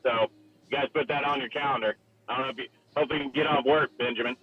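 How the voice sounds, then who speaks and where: A man's voice: medium pitch, steady tone, quick pace, slightly rough, highs cut off. A man co-hosting on a call, trading joking banter in casual chat.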